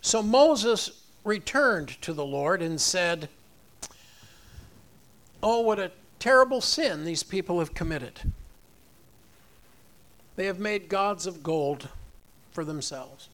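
A man preaching a sermon in an animated way, acting out the voices of the people in the story. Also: high voice, slow, pauses often. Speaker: pastor.

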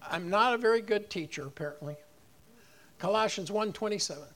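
High-voiced man preaching emphatically. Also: expressive, brisk, bright, forceful tone. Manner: emphatic preaching, rising on key phrases, leading the congregation in repetition. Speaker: pastor. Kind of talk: sermon.

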